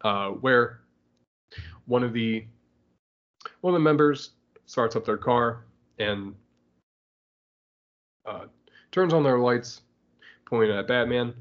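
Slow and deliberate with frequent pauses, a mid-range-voiced man walks through a comic book on his podcast, chuckling a lot and performing lines as he goes. The recording is muffled.

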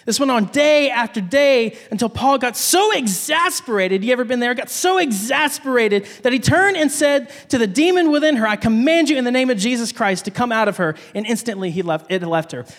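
High-voiced man preaching in a hall. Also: expressive, a little fast, few pauses, a bit bright. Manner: casual, with frequent fillers and restarts. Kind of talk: sermon.

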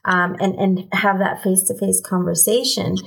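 A woman's voice: medium pitch, little pitch movement, normal speed, gravelly, breathy edge, poor audio. A woman hosting a podcast interview in a casual, conversational way, affirming her guest often. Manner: affirming listener, frequent mm-hmms. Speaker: podcast host.

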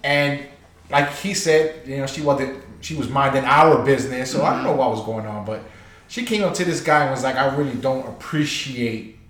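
A man's voice: medium pitch, fairly quick, fairly bright tone, far from the mic. Chill podcast guy telling a story, stops and starts, echoey room. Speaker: podcast co-host. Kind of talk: casual chat.

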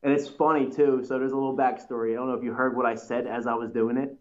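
A man's voice: medium pitch, flat delivery, fast, a little mellow, muffled recording. A man, a pro wrestler, telling stories in a casual interview with lots of fillers and restarts. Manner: rambling storyteller, many fillers and restarts. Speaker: pro wrestler, tag team champion.

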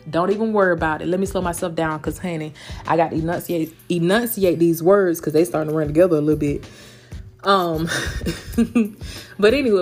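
A woman, hosting a motivational solo podcast in an animated, emphatic way, full of endearments. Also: lowish voice. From United States. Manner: fast-talking. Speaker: podcast host.

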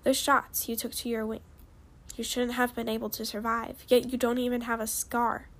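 A woman's voice: fairly high pitch, little pitch movement, moderate pace, a bit bright. Polite, stiff dragon bodyguard, hesitant and formal, read by a woman.

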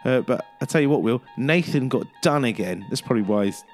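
With faint music in the background, a man hosts a casual radio sports chat, speaking briskly. He's jokey and upbeat, his pitch swinging lively.

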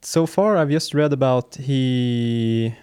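A man chatting casually about books he is reading, relaxed and hesitant, with many fillers and restarts. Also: mid-range voice, takes it slowly, clean tone, dry recording, studio quality.

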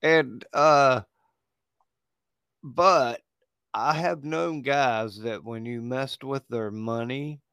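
A man's voice: mid-range voice, very slow, long pauses, a bit bright, clean tone, no echo. A man in casual podcast chat, joking in a laid-back way.

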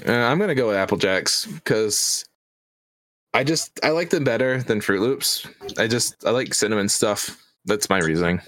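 A man's voice: on the low side, animated, moderate pace, fairly bright tone. A man hosting a casual podcast, rambling a bit with lots of fillers and restarts. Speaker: podcast host. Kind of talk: casual chat.

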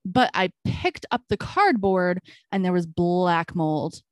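A podcast co-host with a lowish voice speaks slowly, telling a story in casual chat with no echo on the recording. She's an animated storyteller who acts out the back-and-forth of a conversation, often saying "I'm like".

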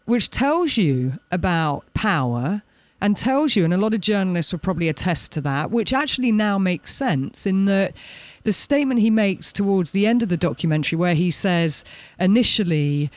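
A man with a high voice co-hosts a casual podcast chat. He retells events with animation and often acts out quoted lines. The sound is dry and close. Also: animated, moderate pace, no room sound. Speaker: podcast co-host. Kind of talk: casual chat recounting a documentary.

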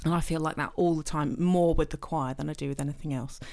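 A middle-aged woman, chatting casually as a podcast co-host, self-deprecating and quick to laugh. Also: sits low, fairly even intonation, darkish tone. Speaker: podcast co-host, choir leader. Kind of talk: casual chat.

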